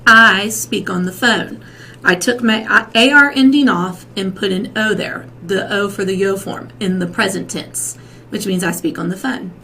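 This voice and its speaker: Slow, patient woman teaching Spanish. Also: mid-range voice, creaky, bright, forceful tone, rough recording. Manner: slow, patient, repeats and checks with "okay?". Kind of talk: classroom lesson. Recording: faint background noise.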